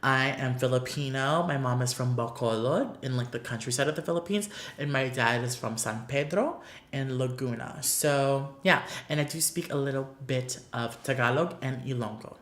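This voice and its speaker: A beauty YouTuber from Orlando, Florida, answers fan questions in a casual vlog while sitting in front of a paper backdrop. His medium-pitched, fairly bright voice moves at a moderate pace, gushing and emotional and full of "like." The room gives the audio an echo.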